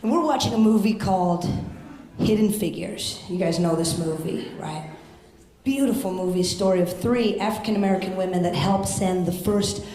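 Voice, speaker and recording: A woman's voice: mid-range voice, normal speed, dark tone. A young woman doing a stand-up comedy set, brash and profane with punchy delivery, on a handheld mic at a comedy club stage. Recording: roomy club sound.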